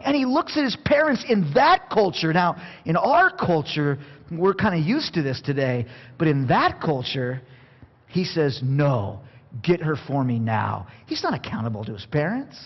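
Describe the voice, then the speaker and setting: A man preaching a sermon, passionate, going from quiet to near shouting and acting out scripture quotes. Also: on the high side, sing-song, moderate pace. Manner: plays out Bible quotes in acted voices. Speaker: pastor. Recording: dull sound with long hall reverb.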